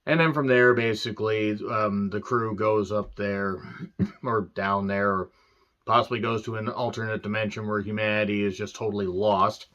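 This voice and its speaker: A man's voice: on the low side, fairly even intonation, normal speed, fairly bright tone, highs cut off. A man giving a casual, rambling film review rant with sarcastic asides and profanity. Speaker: movie reviewer.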